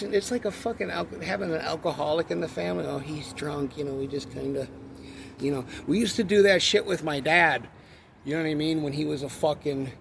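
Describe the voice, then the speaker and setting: A man's voice: a little high, fairly quick, vocal fry, background noise. A man telling an angry, profane story about a run-in with a coworker, rambling and heated. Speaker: forklift worker.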